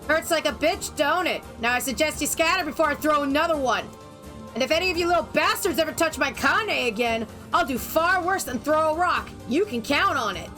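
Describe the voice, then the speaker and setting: A woman reading game text aloud, voicing a fierce, vulgar old grandmother who talks in a gruff, scolding way. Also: mid-range voice, normal speed, a bit bright, faint music behind, close to an everyday voice. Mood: furious.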